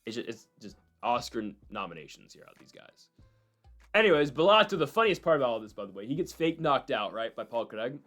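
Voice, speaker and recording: A man casually breaking down MMA fights and predictions, rambling and excitable with frequent asides. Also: medium pitch, fairly quick, faint music behind.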